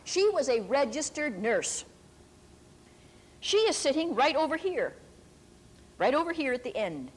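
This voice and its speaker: An older woman preacher telling a testimony in a sermon, deliberate and emphatic, drawing out key words slowly. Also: high-pitched, sing-song. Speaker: preacher and Bible teacher.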